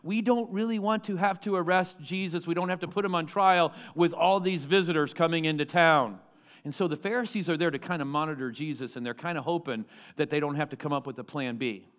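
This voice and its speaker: A male pastor delivering a sermon in an animated way, using rhetorical questions and repeating key phrases for emphasis. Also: a little high, brisk.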